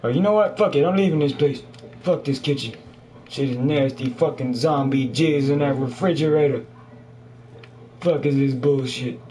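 A man's voice: mid-range voice, darkish tone. A man giving crude, jokey running commentary while he plays a horror game, cursing at everything he meets. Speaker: gamer. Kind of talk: profane let's play commentary. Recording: faint background noise.

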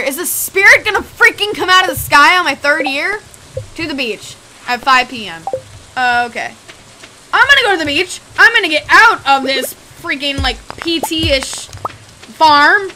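Goofy, high-voiced woman gamer. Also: animated, measured pace, background noise. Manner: goofy, chatty, exclaiming. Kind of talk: let's play commentary.

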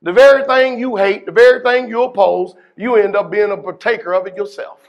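A man preaching a sermon as pastor, putting questions to his congregation and moving between hushed asides and loud, emphatic bursts. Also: high-pitched, brisk, highs cut off. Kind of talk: deliverance workshop sermon.

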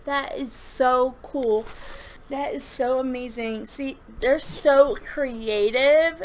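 A woman's voice: sits high, slow, a little hiss or hum. A young woman chatting casually through a product review, rambling and gushing, with frequent restarts and fillers. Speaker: slime reviewer and shop owner.

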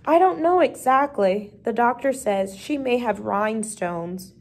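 A woman's voice: a little high, lively intonation, unhurried. A woman voicing a tall, mild and worried man who is a school superintendent, in a storybook read-aloud. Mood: fretful. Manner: mild and fretful.

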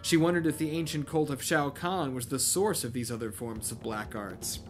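A channel host with a medium-pitched voice reads a novel aloud at a moderate pace, faint music in the background. His read-through is comedic, regularly interrupted by his own wry asides.

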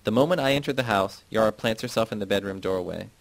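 A man narrates a first-person novel in a plain, steady read. His voice sits low, recorded close and dry. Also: quick pace, vocal fry, dry recording, low-quality recording. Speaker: audiobook reader.

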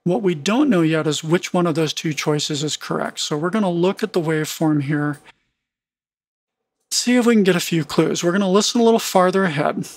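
A man teaching music production in a relaxed screen-recorded tutorial, humming rhythms to make his points. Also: a little high, brisk, no room sound.

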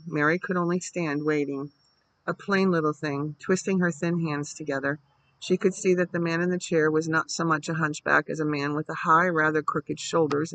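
A man reading a bedtime story aloud in a steady, measured way. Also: fairly high pitch, vocal fry, no room sound, rough recording.

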